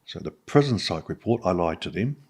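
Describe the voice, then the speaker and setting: A middle-aged New Zealand man speaks in a low, husky voice. He tells his own story candidly and haltingly, with many "um"s and restarts along the way. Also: animated, a little mellow. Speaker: podcast guest.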